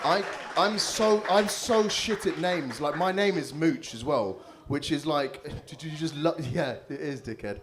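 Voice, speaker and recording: A man's voice: a little high, unhurried, hardly any pauses, noisy background. A man hosting a live comedy show on a handheld mic, teasing the crowd with crude, cheeky banter. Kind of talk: live stand-up crowd work. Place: live comedy venue with audience. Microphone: handheld stage mic.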